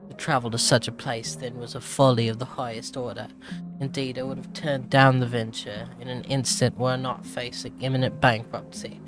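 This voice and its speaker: Game music plays as a man reads in-game text in an assumed British accent, portraying a reluctant female travel writer with wry theatricality and stumbles. His delivery is flat and moderately paced at medium pitch, only lightly acted.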